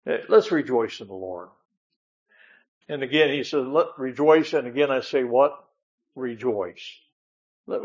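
A man's voice: medium pitch, highs cut off. Man preaching a folksy sermon, "amen" often. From northern United States. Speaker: guest preacher. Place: church.

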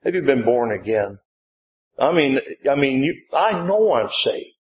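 Older preacher in a roomy church. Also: male voice, mid-range voice, measured pace. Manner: call-and-response "amen?", rising to excited shouts when retelling. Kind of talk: revival sermon with storytelling. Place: church sanctuary. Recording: roomy dull church recording.

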